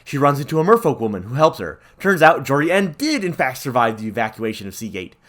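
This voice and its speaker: A man's voice: mid-range voice, very animated, a little fast, fairly bright tone. A man and channel host retelling a fantasy card-game story in a casual, jokey manner, full of slang. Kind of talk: casual comedic story recap.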